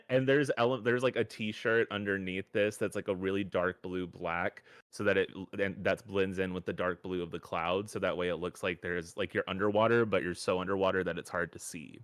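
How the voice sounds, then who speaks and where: A man's voice: deep voice, steady tone, moderate pace, fairly bright tone, dry recording. A man co-hosting a live fashion review stream, rambling and upbeat, with plenty of filler words. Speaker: co-host reviewing fashion submissions. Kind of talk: casual livestream chat.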